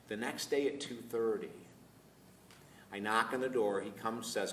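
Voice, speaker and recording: A man, a minister, tells a personal story to a live group, animated and laughing often as he acts out dialogue. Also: fairly low pitch, a little slow, pauses often, echoey room, distant mic. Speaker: minister and course teacher. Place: room filmed live.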